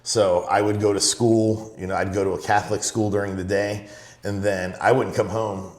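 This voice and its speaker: Low-voiced man with a rambling style. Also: level tone, normal speed, a little mellow, roomy sound. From Los Angeles. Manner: rambling, fills with "you know", retells his father's sayings. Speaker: guest. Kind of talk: casual storytelling.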